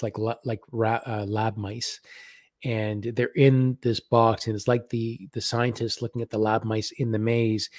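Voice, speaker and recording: A man giving live spiritual readings on a stream, talking gently and haltingly and repeating words as messages come to him. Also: mid-range voice, no room sound, studio quality.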